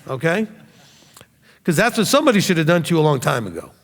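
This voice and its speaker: A man in his fifties giving a blunt, animated teaching, often mimicking the people he talks about. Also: on the high side, quick pace, vocal fry. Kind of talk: sermon-style teaching. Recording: long hall reverb.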